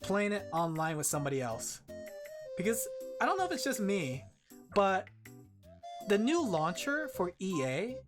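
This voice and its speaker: A woman's voice: medium pitch, big pitch swings, normal speed, long pauses, over music. A woman with an Australian accent chatting playfully with her stream viewers, giggling and joking dramatically. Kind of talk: casual stream chat with viewers.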